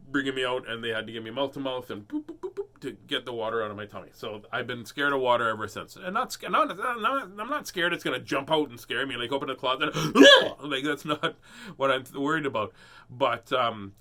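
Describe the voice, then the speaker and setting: A playful man reads children's books aloud and chats between pages, joking and laughing as he goes. His pitch moves a lot, and his voice has a bright, forceful edge. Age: adult parent. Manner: playful, jokey, laughs often. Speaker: host reading children's books. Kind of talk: casual read-aloud with chat.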